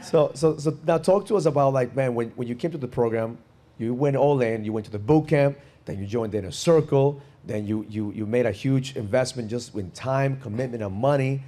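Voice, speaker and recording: A man's voice: medium pitch, brisk, dark tone. A man hosting a podcast, talking energetically and emphatically, often repeating words. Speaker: podcast host. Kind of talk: conversational interview.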